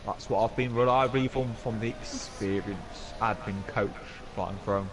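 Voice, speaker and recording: A man's voice: on the low side, a little slow. A man commentating an online racing game, enthusiastic and playful as he talks up the drivers. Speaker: lead commentator. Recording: clear background noise.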